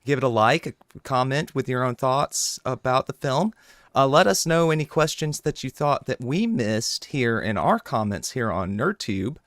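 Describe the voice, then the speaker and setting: A man's voice: mid-range voice, lively intonation, normal speed, fairly bright tone, no echo, studio quality. A man hosting a live online show, giving an upbeat sign-off. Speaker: host.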